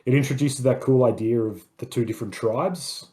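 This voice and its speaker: A man's voice: medium pitch, a little fast, mellow. Chatty male film reviewer. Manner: enthusiastic, rambling, says "like" a lot. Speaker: podcast co-host, film reviewer. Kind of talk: casual chat.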